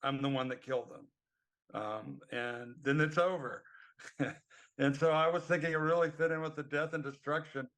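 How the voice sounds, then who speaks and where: A man's voice: fairly high pitch, fairly even intonation, normal speed, fairly bright tone. Hesitant middle-aged man chatting. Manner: rambling, hesitant, many ums. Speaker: podcast co-host. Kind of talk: casual chat.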